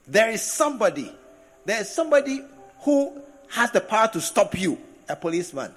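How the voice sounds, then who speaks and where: A man's high, animated voice rises and falls as he preaches briskly and huskily, laughing in asides and lengthening important words for emphasis. He's captured from afar in a big, echoey hall full of congregants, with faint music underneath.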